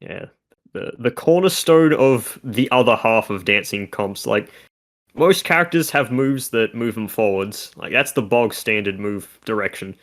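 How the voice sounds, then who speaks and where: A man's voice: fairly low pitch, animated, measured pace. A man co-hosting a casual video game discussion, talking through stats and mechanics in detail. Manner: analytical, talks through game numbers. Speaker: content creator co-host.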